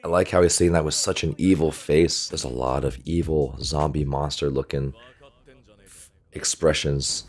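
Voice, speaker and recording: A man's voice: extremely low pitch, fairly even intonation, normal speed. A man, a volleyball coach, chatting casually through an anime reaction and pointing out small animation details, on a desktop microphone. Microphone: desktop USB microphone.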